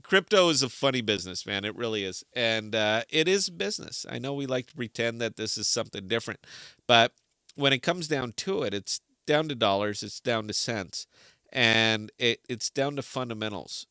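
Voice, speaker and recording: Bright, crisp-voiced joking man. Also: mid-range voice, moderate pace, dry recording, clean studio sound. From Des Moines, Iowa. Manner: joking, animated, trails off into rants. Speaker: podcast co-host. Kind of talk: casual livestream chat.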